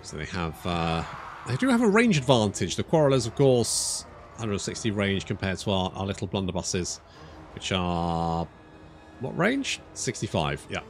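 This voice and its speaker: A man's voice: low voice, big pitch swings, normal speed, slight background noise. A man casually commenting on his strategy game as he plays. He thinks aloud, corrects himself as he goes and swears freely. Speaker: gaming YouTuber.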